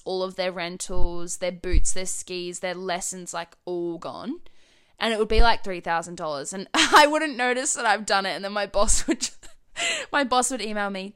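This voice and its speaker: Her voice sits on the low side, clean and a bit bright, as this young Australian vlogger rambles and giggles through a casual chat with viewers, peppered with "like".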